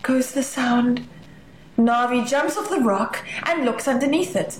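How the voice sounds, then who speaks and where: A woman reading a children's story aloud, gentle and expressive with hushed asides. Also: on the high side, a little slow, heavy background noise. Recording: roomy echo, faint ambience.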